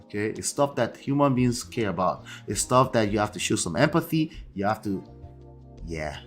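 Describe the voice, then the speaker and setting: A man's voice: lowish voice, expressive, normal speed, soft background music. A man hosting relationship commentary, reacting to a debate clip in an emphatic way that keeps checking in with the listener. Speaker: relationship coach and host.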